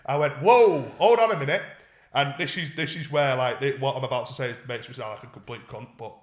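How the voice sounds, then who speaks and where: A man's voice: medium pitch, fast, fairly bright tone, reverberant. A man co-hosting a podcast, telling a rambling, sweary story in casual chat and acting out what people said. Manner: sweary, rambling, acts out quoted voices. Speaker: podcast co-host.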